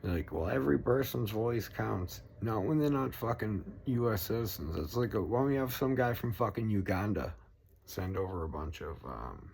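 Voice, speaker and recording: A man's voice: on the low side, sing-song, moderate pace, darkish tone, slightly rough. A man in his forties delivering an angry, profane, rambling political rant. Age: 40s. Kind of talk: ranting monologue.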